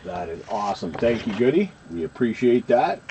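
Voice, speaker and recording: A man's voice: mid-range voice, sing-song, normal speed, warm tone. A man co-hosting a casual chat, rambling and friendly with lots of fillers. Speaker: co-host of a card collecting channel. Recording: muffled lo-fi with faint hiss.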